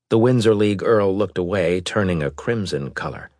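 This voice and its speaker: A man reading a novel aloud as narrator in a measured, deliberate way. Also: sits low, no echo, clean studio sound. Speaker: audiobook narrator. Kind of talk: scripted narration.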